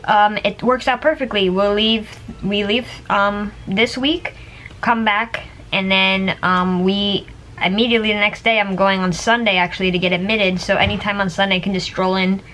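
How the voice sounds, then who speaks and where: A woman talks straight to her viewers in a loose, rambling vlog style. Her voice sits at an ordinary middle pitch, and she peppers her sentences with fillers and small laughs. A faint hum runs underneath. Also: fairly bright tone. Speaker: vlogger. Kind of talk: casual chat to camera.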